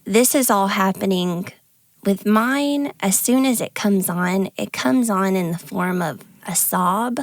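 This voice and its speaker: A woman co-hosting a podcast, speaking earnestly and tearfully in a halting, confessional way. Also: medium pitch, dry recording, clean studio sound. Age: adult with grown kids. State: tearful, near crying. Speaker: podcast co-host. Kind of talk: candid conversational podcast talk.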